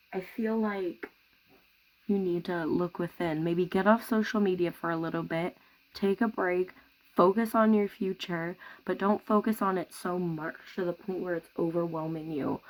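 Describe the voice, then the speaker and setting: A woman giving a tarot reading to camera at home, speaking softly and reassuringly. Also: fairly low pitch, rough recording. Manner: soft-spoken, gentle and reassuring. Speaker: tarot reader.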